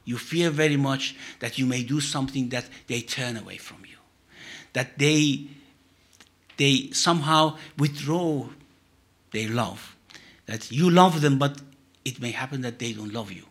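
A man, a sheikh, answering questions in a religious teaching session with measured, emphatic phrasing. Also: mid-range voice.

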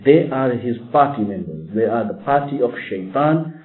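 Male preacher, mid-pitched, sermon delivery with emphatic swells; echoey room on a phone-like line. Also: expressive, faint music behind. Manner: recites Arabic verses quickly then explains in English, emphatic rises. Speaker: Islamic preacher. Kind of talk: sermon with Quran recitation and translation.

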